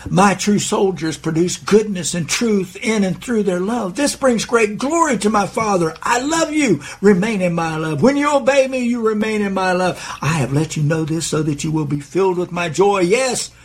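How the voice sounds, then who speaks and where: A man voicing Jesus in a guided devotional meditation, speaking gently, solemnly and reassuringly. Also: sits high, moderate pace, hardly any pauses, husky. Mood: gentle. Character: gentle loving male Jesus, calm and assured.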